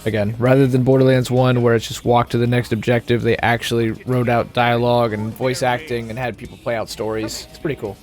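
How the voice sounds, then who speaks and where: A man's voice: mid-range voice, level tone, a little fast, few pauses, a little mellow, soft background music. Chatty male game streamer. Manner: rambling, joking, chatty. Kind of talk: casual let's-play commentary.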